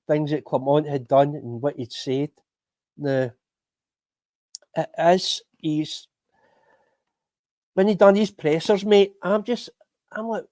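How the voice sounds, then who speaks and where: A man's voice: fairly high pitch, warm tone, no room sound. A Scottish man hosting a football fan podcast live stream, ranting angrily with lots of swearing and bitter laughs.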